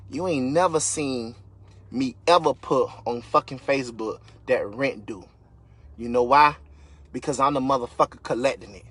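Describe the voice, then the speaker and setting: A man on a live stream, a real estate investor and business coach giving an unscripted, fired-up motivational rant, yelling and swearing bluntly. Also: mid-range voice, breathy edge. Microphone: phone or webcam on a social media live stream.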